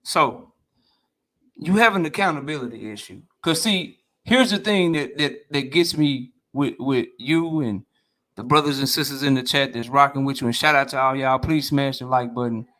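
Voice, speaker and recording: A man's voice: mid-range voice, moderate pace, pushed and bright. A man in a boxing debate on a live stream, ranting heatedly and with a lot of profanity.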